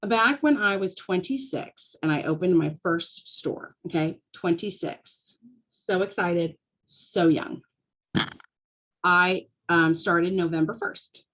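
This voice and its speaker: A woman, talking casually to a live audience as a business coach and telling lively stories with frequent laughter. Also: fairly low pitch, slow, rough recording. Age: 40s. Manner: storytelling, animated, laughs often.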